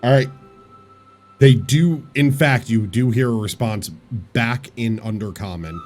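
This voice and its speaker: A man's voice: medium pitch, unhurried, darkish tone, soft background music. A man narrating as game master, describing scenes and calling for rolls.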